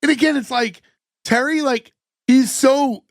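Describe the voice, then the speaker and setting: High-voiced man recapping animatedly. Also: unhurried, no room sound, studio quality. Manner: animated, retells scenes by acting out the lines. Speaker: podcast co-host recapping an episode. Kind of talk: casual chat.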